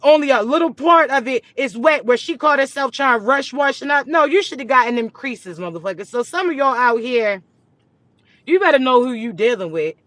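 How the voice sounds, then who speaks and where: Host, high and bright voice, dry close sound, profane comedic scolding rant. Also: expressive, brisk, no echo. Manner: blunt, scolding, heavy cursing; teasing, mock-dramatic asides. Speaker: spiritual reading channel host.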